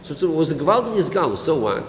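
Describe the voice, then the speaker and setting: Animated teacher man, echoey room. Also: on the high side, quick pace. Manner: animated, questioning, mixes English with Yiddish and Hebrew terms. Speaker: Torah teacher. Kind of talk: Talmudic-style lesson with students. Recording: echoey room, faint air conditioning hum.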